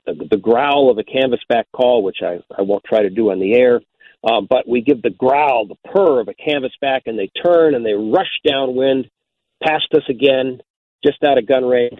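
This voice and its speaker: An older man tells an outdoors story in an easygoing, folksy way, stumbling over and repeating words as he goes. His voice sits at an ordinary pitch. It comes through a narrow, tinny, phone-like band with a completely dry sound. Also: no echo. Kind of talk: storytelling on radio.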